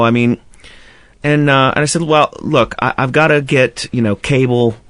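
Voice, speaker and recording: A radio host speaks at a moderate pace in a medium-pitched, fairly bright voice with fairly even intonation. In casual talk-show banter he recounts a long profane story and performs both sides of a phone call, recorded dry.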